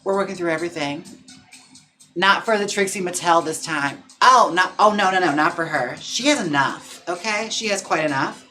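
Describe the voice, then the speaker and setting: A man's voice: high-pitched, moderate pace, bright, forceful tone, faint music behind. A drag queen hosting a casual livestream, chatting playfully and campily with viewers. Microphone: own mic.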